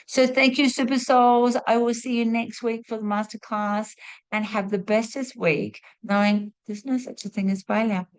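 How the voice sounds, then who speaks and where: A woman's voice: on the high side, steady tone, normal speed, smooth. Woman hosting an online spiritual class. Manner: warm, repeats praise words in threes. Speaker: host and spiritual teacher. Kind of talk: live online class, leading a sharing round.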